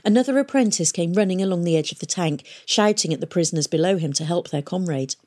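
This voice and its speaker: A woman with a lowish voice narrates a novel for an audiobook. She reads aloud in a steady, measured storytelling style.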